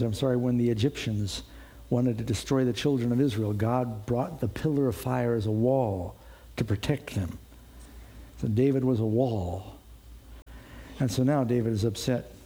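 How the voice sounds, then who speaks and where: A man's voice: mid-range voice, dark tone, slightly rough. A male pastor preaching through a Bible passage in a conversational way, often asking the congregation rhetorical questions. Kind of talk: expository sermon.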